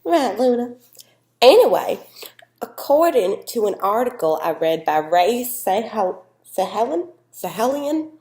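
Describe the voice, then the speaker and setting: A woman's voice: a little high, very animated, measured pace, a little mellow. A young woman playing a chatty, folksy expert from the American South with a Southern accent, rambling and talking to her dog, in an echoey room. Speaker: guest expert in a mock news segment.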